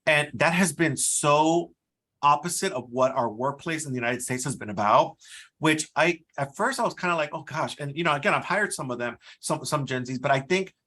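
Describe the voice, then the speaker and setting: Middle-aged male guest, bright and forceful, animated storyteller. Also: on the high side, moderate pace. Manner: animated storyteller, mimics voices in quotes. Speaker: guest, career services dean. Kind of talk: conversational interview.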